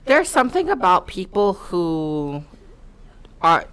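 Woman, podcast guest, low voice, frank, profane, lots of "like". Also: sing-song, slow pace, fairly bright tone, clear, resonant tone. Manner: frank, profane, many fillers of "like". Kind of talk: casual podcast chat.

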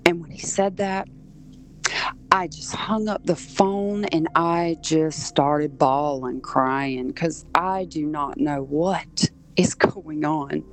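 A woman's voice: low voice, takes it slowly, low-quality recording. A woman from southern Georgia, a podcast guest, earnestly recounting events step by step. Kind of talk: personal storytelling.

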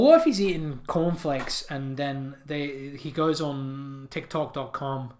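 On his podcast, a male host spins absurd, rambling comic stories into the microphone, swearing and laughing at his own jokes. His voice sits on the high side.

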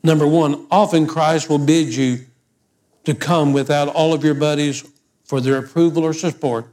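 A man preaching a sermon as pastor, emphatic and urging, building to loud exhortations. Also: on the high side, steady tone, moderate pace.

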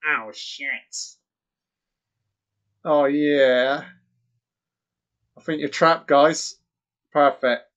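A man giving crude, excitable, mocking live commentary on a horror film. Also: on the high side, drawn-out words, pauses often. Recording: dull lo-fi audio.

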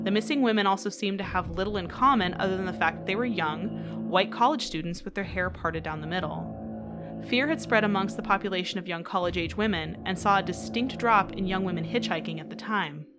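A woman co-hosting a true crime podcast. She reads her case notes steadily, then chats, laughs and acts out what people said. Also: mid-range voice. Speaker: podcast co-host.

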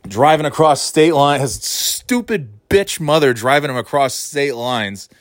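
A man's voice: mid-range voice, lively intonation, unhurried, dry recording, studio quality. A man delivering an angry, profane rant with choppy, restarting sentences. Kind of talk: ranting monologue.

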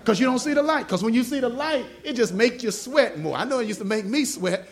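At a small church fellowship meeting, a male gospel evangelist with a Southern US accent preaches a teaching sermon in an extremely high, expressive voice. He poses questions to the congregation and slowly explains and spells out words.

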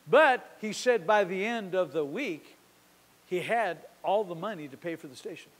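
A pastor with a high-pitched voice, preaching in a church. He tells a story and acts out its conversations, dropping his voice low and then rising loud. His voice rings with a long reverb in a big sanctuary. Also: animated, fairly quick. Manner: storytelling, acting out dialogue with shifting loudness. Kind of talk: sermon.

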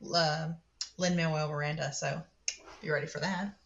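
A woman's voice: low voice, steady tone, moderate pace, gravelly, a loud crowd. A woman co-hosting a casual chat, upbeat and easy to laugh, on a dull lo-fi mic.

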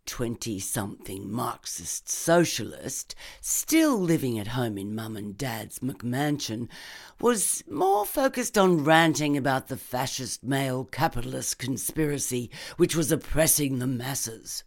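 A very deep-voiced woman reads a crime story aloud. Her pitch swings widely as she leans into the dry, wry humour of the telling. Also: sing-song, measured pace. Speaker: narrator and reader. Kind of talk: scripted reading of a crime story.

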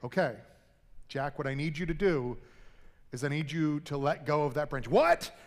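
A man voicing God in a joke, speaking slowly in a measured, reassuring tone. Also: a little high, steady tone, big-room sound, natural voice. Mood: calm. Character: calm, patient voice of God.

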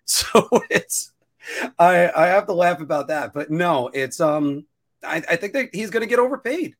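A man co-hosting a casual talk show who rambles, stumbles over restarts and sometimes jumps into a whiny high voice. His usual speaking voice sits a little higher than most men's. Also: moderate pace. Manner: rambling, self-interrupting, animated with sudden high-pitched whining bursts. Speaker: podcast co-host. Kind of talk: casual chat.

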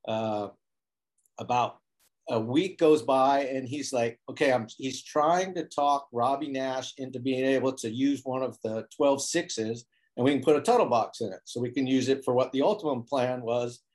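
A man telling stories in a relaxed interview, acting out other people's lines as he goes. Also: medium pitch, moderate pace. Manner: animated storyteller who acts out quotes. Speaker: guest, foil board maker. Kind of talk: casual storytelling interview. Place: Hawaii.

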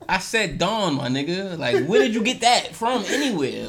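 Man, casual co-host, higher voice, blunt and profane ranting; crowd noise in the background. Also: big pitch swings, moderate pace, hardly any pauses. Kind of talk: casual chat.

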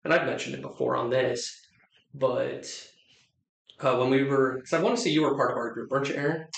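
A man's voice: medium pitch, fairly even intonation, fairly quick, vocal fry. A man co-hosting a podcast in casual chat, joking and rambling with frequent restarts, recorded on location inside an old hospital. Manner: joking, rambling, starts over often. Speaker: podcast host. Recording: echoey room in an old building.

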